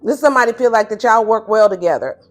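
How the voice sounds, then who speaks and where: A fairly high-voiced woman gives a casual tarot reading, blunt and animated, laughing and acting out her listener's answers. Faint music plays behind her. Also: quick pace. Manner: animated and blunt, voices the viewer's replies in higher playful tones, laughs often. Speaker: tarot reader.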